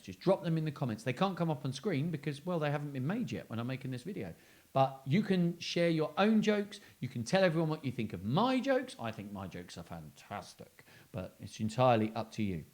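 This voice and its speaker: A man hosting a children's story and joke show, talking in a playful, self-mocking way. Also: fairly high pitch. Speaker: host.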